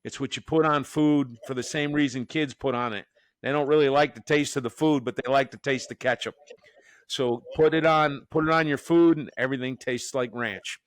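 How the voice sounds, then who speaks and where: A man's voice: medium pitch, fairly even intonation, moderate pace, no room sound. A man from the Northeastern US hosting a podcast as a professor, joking and rambling with many restarts. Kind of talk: casual podcast chat.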